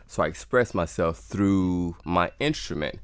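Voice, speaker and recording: A man's voice: sits low, expressive, a little slow, clear, resonant tone, no echo, clean studio sound. A man, a cellist, talking earnestly in an interview and reflecting on his music. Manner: earnest, reflective, repeats words. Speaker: cellist guest. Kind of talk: conversational interview.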